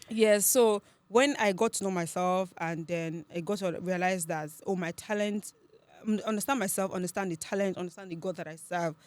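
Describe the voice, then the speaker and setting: A young woman with a Nigerian accent, a podcast guest telling her story in a lively, chatty way. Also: lowish voice, no room sound. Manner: chatty, animated storytelling with quick laughs. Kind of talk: casual interview chat.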